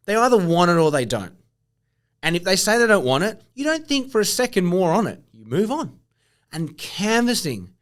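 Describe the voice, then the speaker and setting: A middle-aged man talks straight at the listener on his own podcast. His voice sits a bit high for a man and rises and falls a great deal. He is blunt and animated and drops the odd swear word. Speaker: podcast host. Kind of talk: casual solo podcast monologue.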